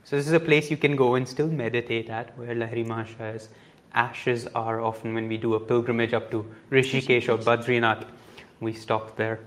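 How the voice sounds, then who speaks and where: A man's voice: mid-range voice, flat delivery, moderate pace. A man hosting a podcast, reading a spiritual book aloud and reflecting on it with many rhetorical questions. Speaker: podcast host.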